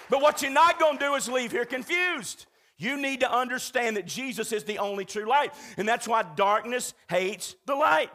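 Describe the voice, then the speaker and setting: A male pastor with a strikingly high, bright voice delivers an urgent, emphatic sermon in a church. He presses his points again and again and keeps calling out to the congregation for a response. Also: normal speed. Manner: emphatic preaching, urgent and repetitive, calls out to congregation.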